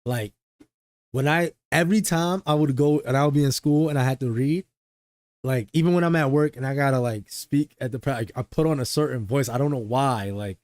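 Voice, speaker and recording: A man's voice: mid-range voice, fairly quick, darkish tone, no room sound. A young man, a streamer, chatting casually and rambling in slang to his viewers, often mocking himself. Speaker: streamer reacting to a video.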